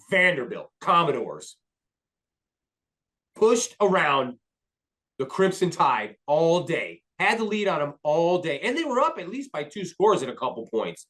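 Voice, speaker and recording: A man talking sports on a casual podcast, with a voice that sits a little high for a man. He gets worked up, rambles, restarts his sentences and swears freely. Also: a bit bright. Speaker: podcast co-host.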